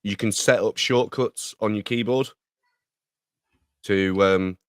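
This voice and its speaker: A man's voice: lowish voice, slow pace, dry recording, studio quality. Laid-back man co-hosting a podcast. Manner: laughs easily, explains tech with many ums. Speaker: podcast co-host. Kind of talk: casual pre-show chat.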